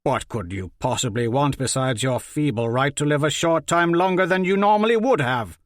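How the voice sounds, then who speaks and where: A man voicing a cruel, arrogant lord who mocks and commands loudly. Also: fairly high pitch, animated, moderate pace, no room sound, studio quality, lightly acted. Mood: mocking. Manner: scornful, loud, commanding.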